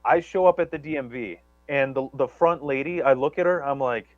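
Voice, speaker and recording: A man's voice: medium pitch, a little fast, no echo, dull audio. A man telling a long story on a live talk show, rambling and profane, with many restarts and stammers. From Chicago area. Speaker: guest storyteller.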